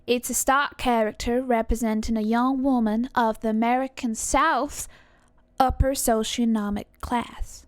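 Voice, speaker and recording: Young woman, streamer, casual, chatty, swears now and then, highish voice, dry sound. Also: fairly even intonation, a little slow, no echo. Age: young adult. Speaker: streamer teaching accents. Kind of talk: casual live-stream chat.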